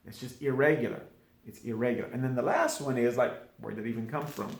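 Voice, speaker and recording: Male teacher, mid-pitched, unhurried, repetitive drilling; roomy echo. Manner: slow, repetitive drilling with asides. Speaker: French teacher. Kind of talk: informal grammar lesson. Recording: echoey room.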